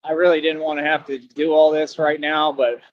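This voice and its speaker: A self-assured man streaming live from outdoors, his voice a touch higher than most. He rambles on and sounds tired from the heat. The sound is dry and a little dull and lo-fi. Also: flat delivery, normal speed, no room sound.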